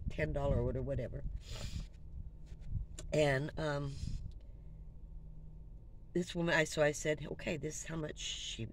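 A woman vlogger telling a personal story in a casual, conversational way, trailing off and restarting and dropping to a hush in the sad parts. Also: deep voice. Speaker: van-life vlogger. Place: inside her van. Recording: clear ambient background noise.

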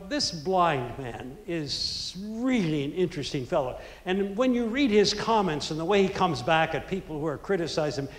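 A man preaching in a large church, his voice high for a man and swinging widely as he acts out the stories. The sound rings with long reverb from the hall. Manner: animated storytelling, acting out scripture quotes. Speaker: pastor. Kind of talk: sermon. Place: church sanctuary.

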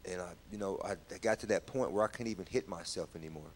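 A man telling his personal testimony in a church talk, halting and repeating words, his voice rising when he is stirred. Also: sits low, slight background noise. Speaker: guest sharing testimony.

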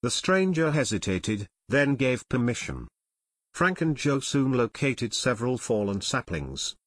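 A man narrates a full-length adventure audiobook, building suspense with a lively, widely moving pitch. His voice sits at an ordinary middle pitch, recorded close and dry with no room sound. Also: measured pace, no room sound. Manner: expressive, suspenseful storytelling.

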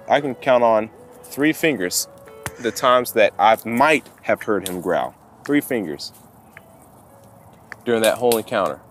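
A man telling a story to camera outdoors with his dogs, getting animated and worked up as he retells it. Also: fairly low pitch. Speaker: vlogger and dog trainer.

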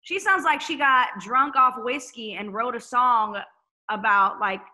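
A woman's voice: fairly high pitch, a little slow, pushed and bright. A woman, a singer-songwriter guest on a podcast, speaking candidly and animatedly and swearing freely in casual chat.

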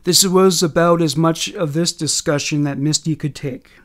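A man reads a scripted true-story narration. He keeps a steady, measured storytelling delivery in a slightly high voice.

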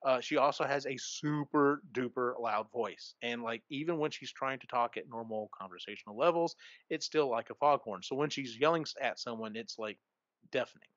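Here a male podcaster at a moderate pace, medium pitch and slightly bright, chats about a book and meanders through its story, restarting and filling gaps as he goes. The dry recording has a dull, lo-fi character.

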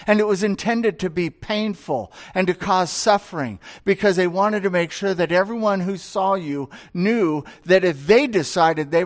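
A man preaching an expository sermon as pastor, speaking deliberately and asking his congregation rhetorical questions. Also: high voice.

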